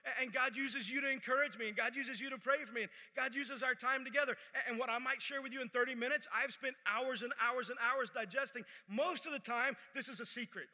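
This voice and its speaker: A man with a high, very bright and sharp voice preaches a sermon to a church congregation. He talks in a conversational way, repeating his phrases and dropping to a near hush to make a point. A long reverb trails each phrase. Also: fairly even intonation, a little fast, few pauses. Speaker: pastor. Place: church service.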